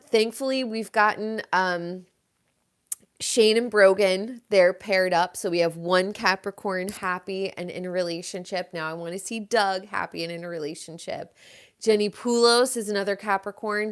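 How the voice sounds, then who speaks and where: A woman's voice: mid-range voice, clean tone. A woman hosting a live show, chatting casually and gossiping about reality TV, swearing now and then. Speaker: host.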